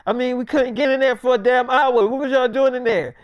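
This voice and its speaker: A young man, telling a freestyle comic story and acting out every character himself, going low and soft for his own lines. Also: steady tone, fairly quick, clean tone, dry recording, highs cut off.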